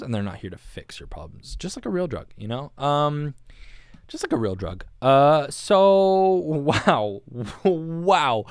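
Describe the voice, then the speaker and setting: A man talks on his own podcast in a loose, rambling way, full of slang and jokes at his own expense. His voice sits a little low. The sound is dry and close to the microphone, with no room around it. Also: no echo. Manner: rambling, self-mocking, slangy. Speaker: podcast host. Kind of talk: casual solo podcast monologue. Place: recorded alone, not live. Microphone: studio microphone.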